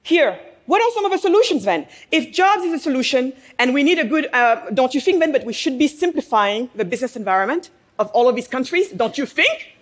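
A woman with a high voice speaks to a live audience in a room. She delivers a passionate speech as a business owner, throwing out rhetorical questions and pausing to let points land. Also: very animated. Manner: emphatic, with pauses for effect.

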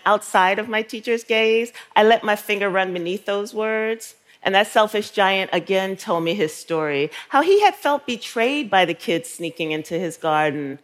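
With a mid-range voice, a writer in her fifties from Brooklyn, New York, delivers a slow, careful storytelling talk from the stage. Her phrases fade softly at their ends.

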